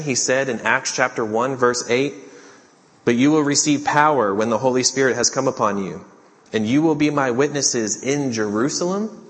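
A man's voice: mid-range voice, a bit bright. A man preaching an earnest sermon as pastor, reading and explaining scripture. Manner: earnest preaching, acts out the disciples' pleas. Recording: long hall reverb.

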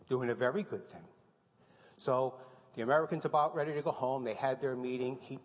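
A pastor giving a sermon, telling a story with lively, halting restarts. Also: male voice, mid-range voice. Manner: animated storytelling with many restarts. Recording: long hall reverb.

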